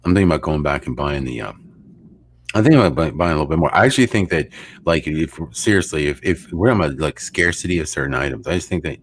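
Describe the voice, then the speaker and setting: A man's voice: a bass voice, expressive, fast, a little hiss or hum. A man hosting a show, rambling and joking in casual chat, swearing freely. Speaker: host.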